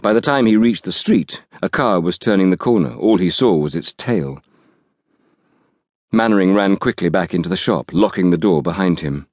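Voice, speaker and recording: A man reading an audiobook thriller aloud in a measured, dramatic storytelling manner. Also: sits low, expressive, darkish tone, no echo. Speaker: audiobook narrator. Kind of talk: scripted narration.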